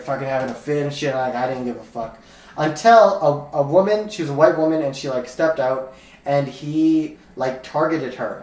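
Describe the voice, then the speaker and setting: A podcast co-host telling a story in casual chat, cursing freely and acting out the quoted lines loudly. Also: medium pitch. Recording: echoey room, mic at a distance.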